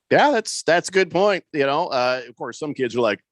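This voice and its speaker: A man's voice: fairly high pitch, expressive, moderate pace, hardly any pauses, a bit bright, dry recording. A middle-aged man hosting a sports talk radio show, chatting wryly and reading out listener texts with lots of fillers. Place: radio studio. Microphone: studio microphone.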